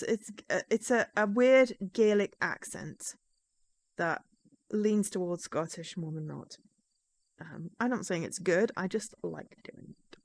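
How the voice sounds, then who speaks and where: A young woman streaming a game, chatting casually and halting with restarts. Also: medium pitch, dry recording. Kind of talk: casual live-stream commentary.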